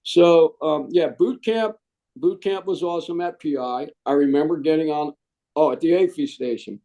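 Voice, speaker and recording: Middle-aged guy telling war buddy stories casual, joking around, kinda high voice. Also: normal speed, highs cut off. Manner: animated, jokey, says "man" often. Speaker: Marine veteran interviewee. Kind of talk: casual storytelling interview.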